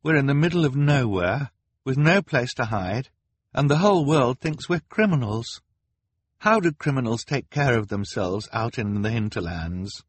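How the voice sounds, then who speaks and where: A man's voice: mid-range voice, very animated, moderate pace, husky, no echo, pitched above the performer's own voice. Man voicing a frightened teenage girl. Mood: worried. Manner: pleading, breathless and urgent. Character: anxious teenage girl, eldest of three orphans.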